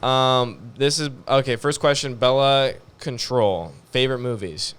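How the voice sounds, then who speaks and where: A man's voice: medium pitch, measured pace, fairly bright tone, clean tone. A man hosting a casual podcast, reading out questions, laughing and repeating himself. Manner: loose, joking, laughs a lot, repeats himself. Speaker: podcast host. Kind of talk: casual chat.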